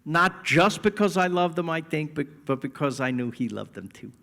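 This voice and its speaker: Animated older man telling stories in a big hall. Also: fairly high pitch, normal speed, creaky. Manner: animated storyteller, acts out family voices. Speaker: guest. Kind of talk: live stage interview. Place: stage in a large hall. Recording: reverberant hall.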